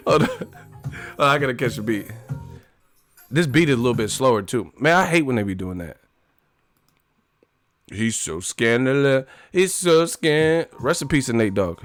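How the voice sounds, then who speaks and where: A man's voice: medium pitch, lively intonation, moderate pace, long pauses, soft background music. Profane, laughing man hosting a live stream. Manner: loud, profane, laughing, joking. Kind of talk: casual live-stream chat.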